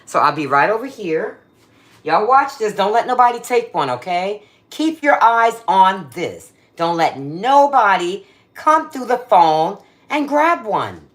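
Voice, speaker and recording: Woman, livestream cooking host, chatty and playful, very animated pitch, phone mic in a home kitchen. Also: measured pace. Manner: chatty and playful, talks straight to her viewers, Southern slang. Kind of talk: casual livestream chat while cooking.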